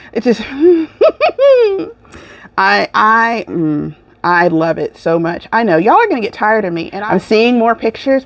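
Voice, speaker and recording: A woman's voice: medium pitch, no echo. A woman with a lilt hosting a crochet podcast, ranting and laughing in casual chat.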